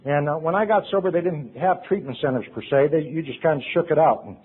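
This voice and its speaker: A middle-aged man giving an earnest personal testimony to a recovery convention audience, swinging from loud to hushed. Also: a little high, lively intonation, fast talker, slight background noise. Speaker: recovery meeting speaker. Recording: tinny lo-fi tape recording.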